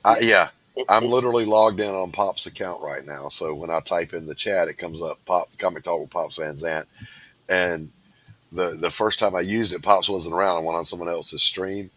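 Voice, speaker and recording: Deep southern guy co-hosting a chat stream, jokey and teasing. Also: moderate pace, fairly bright tone. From Kentucky. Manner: joking, banters and teases. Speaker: co-host. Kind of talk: casual chat.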